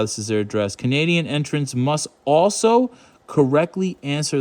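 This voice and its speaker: A man's voice: medium pitch, animated, moderate pace, a little mellow. A man born in Ireland, hosting his own channel, chatting casually and wryly as he opens trading card packs, with rambling asides and mock outrage. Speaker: card-opening channel host. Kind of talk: casual card-opening commentary.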